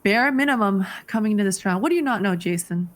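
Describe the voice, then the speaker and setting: A woman's voice: mid-range voice, lively intonation, quick pace, noisy background. A woman co-casting a live esports match, breaking down the play in a chatty, analytical way and laughing easily. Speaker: esports co-caster. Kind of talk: live colour commentary.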